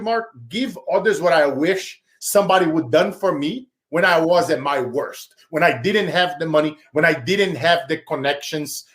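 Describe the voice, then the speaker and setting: Brief: male guest, Brazilian accent, first language Portuguese, fervent storyteller who calls the host bro, slightly higher voice. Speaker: guest, success speaker. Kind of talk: animated interview talk.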